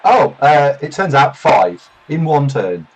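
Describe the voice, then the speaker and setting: A man's voice: a little high, very animated, slow, low-quality recording. A man hosting a live game stream over a headset, chatting casually and swearing in exasperation while sorting out his settings. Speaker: stream host.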